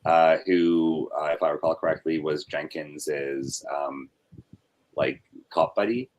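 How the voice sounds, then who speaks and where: Man, deep voice, husky, reading panel descriptions aloud, flat delivery. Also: slow pace, muffled recording. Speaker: workshop participant reading script aloud.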